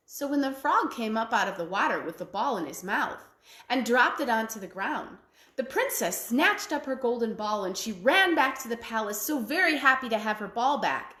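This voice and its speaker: A woman with a fairly high voice tells a children's fairy tale in an expressive, drawn-out way. Her pitch swings widely, and the room around her adds a noticeable echo. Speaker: library storyteller. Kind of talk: storytelling for children.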